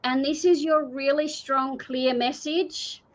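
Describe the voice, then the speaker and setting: A woman's voice: high voice, fairly even intonation, takes it slowly. An Australian woman giving a live intuitive card reading in an earnest, repetitive, pleading manner. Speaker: card reader. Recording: dull lo-fi stream audio.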